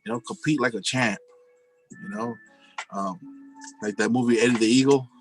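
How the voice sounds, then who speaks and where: A man's voice: mid-range voice, normal speed, soft background music, poor audio. A married man telling personal stories in a casual, earnest, rambling monologue, often saying "you know" and calling his listeners "guys". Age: adult, married with a family.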